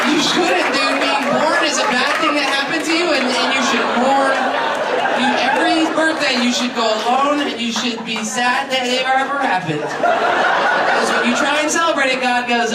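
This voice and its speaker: A woman comedian works a club crowd, her voice fairly high and her talk brash and full of swearing. Her riffs come quickly. The room rings around her, with loud crowd noise and laughter. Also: echoey room, recorded from a distance. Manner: brash, profane, quick riffing. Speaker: stand-up comedian. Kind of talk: stand-up comedy with crowd work.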